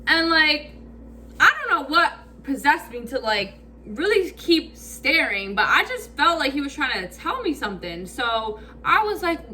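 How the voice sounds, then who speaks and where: A woman telling a storytime vlog in casual slang, acting out quotes with lots of fillers and swearing. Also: on the high side. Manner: animated, acts out quotes, frequent "like" fillers. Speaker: vlogger.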